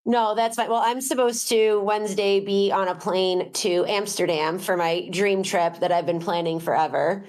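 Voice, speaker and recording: A woman calling in to a show, chatting fast and anxiously. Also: medium pitch, steady tone, a little mellow. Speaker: caller. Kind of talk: casual call-in chat.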